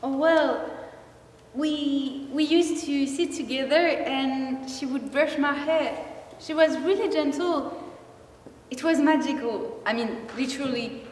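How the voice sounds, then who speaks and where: A woman's voice: high-pitched, takes it slowly, a little mellow. A woman playing a sheltered young princess in a school stage play, earnest and somewhat defensive. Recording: echoey hall, far from mic, faint noise.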